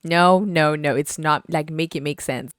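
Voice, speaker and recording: Low-voiced, animated woman podcaster. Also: unhurried, a little hiss or hum. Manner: animated, exclaiming, lots of fillers. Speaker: podcast host. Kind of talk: casual movie review chat.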